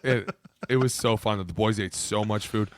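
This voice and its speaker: Man, low voice, thirties, casual podcast chat, swears, acts out quotes. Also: fairly even intonation, normal speed. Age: 30s. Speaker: podcast co-host, former NFL lineman.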